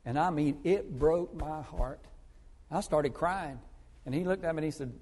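A man preaching a sermon as an evangelist, telling stories earnestly and moving between loud emphasis and hushed asides. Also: a little high, normal speed. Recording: long reverb of a large hall.

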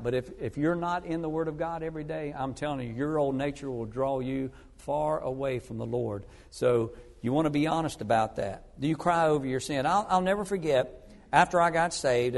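A man preaching a sermon as an evangelist, telling stories earnestly and moving between loud emphasis and hushed asides. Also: fairly high pitch. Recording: long reverb of a large hall.

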